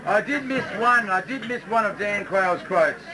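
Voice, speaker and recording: A man spinning a joke before a live crowd, acting out each character as he goes. His voice sits high and moves animatedly. The live recording carries a steady hiss. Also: moderate pace. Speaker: stage performer telling a joke. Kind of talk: live stand-up joke telling. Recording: noisy live stage recording.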